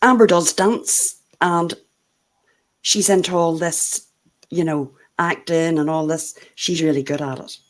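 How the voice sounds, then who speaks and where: A woman's voice: low voice, fairly even intonation, a little slow. A woman with a Scottish accent, co-hosting a casual livestream chat and laughing often. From Scotland. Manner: laughs often, admits she is bad at accents.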